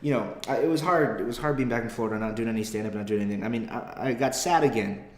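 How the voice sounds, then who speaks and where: A man's voice: medium pitch, fast. A young adult man, a comedian hosting his podcast, tells a story in a rambling, profane, self-deprecating way. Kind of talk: casual comedic podcast monologue. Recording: roomy echo.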